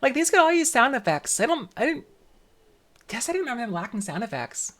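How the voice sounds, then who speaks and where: A woman's voice: a little high, sing-song, a little fast, a bit bright. A woman live-streaming a game, chatting casually, swearing and reading the game's lines aloud.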